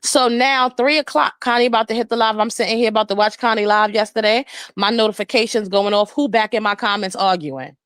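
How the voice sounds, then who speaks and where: A grown woman live-streaming, telling a long story in a blunt, profane and indignant way, with rapid run-on retelling. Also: a little high, fairly even intonation, fairly bright tone. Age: adult.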